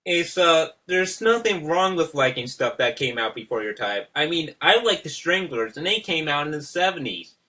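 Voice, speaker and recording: Man, bright tense voice, slightly husky, calm questioning rebuttal. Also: on the high side, normal speed, few pauses. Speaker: response video host. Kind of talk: rebuttal commentary.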